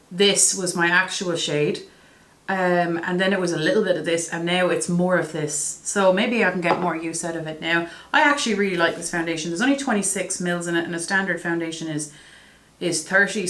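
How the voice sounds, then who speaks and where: A woman's voice: lowish voice, a bit bright, echoey room. A woman reviewing her makeup products in a chatty, self-deprecating way. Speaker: beauty vlogger. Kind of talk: casual product review vlog.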